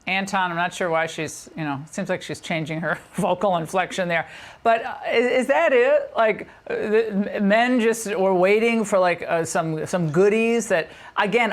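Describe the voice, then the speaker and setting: A woman hosting a political talk show, asking questions in a halting way with fillers. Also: mid-range voice.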